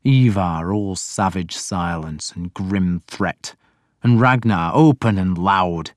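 A man narrating a first-person story in a measured, steady telling, his voice on the low side. The recording is close and completely dry, with no room sound. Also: no room sound. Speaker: audiobook narrator.

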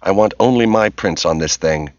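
A man's voice: sits low, normal speed, no room sound, close to an everyday voice. A man voicing a determined man who gives curt, insistent orders in a crisis, in a dull, lo-fi audiobook recording. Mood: urgent.

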